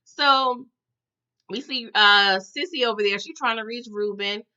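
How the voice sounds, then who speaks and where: Bright, animated woman recapping a show. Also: a little high, measured pace, clean tone, dull audio. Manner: animated, chatty, addresses viewers as y'all. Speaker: TV recap vlogger. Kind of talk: casual episode recap.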